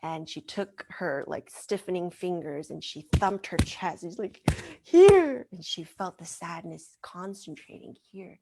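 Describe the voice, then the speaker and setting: A woman who works as a mind-body wellness trainer, telling a story as a guest in an interview in a gentle, earnest way. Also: lowish voice, steady tone, measured pace, hardly any pauses, a little hiss or hum.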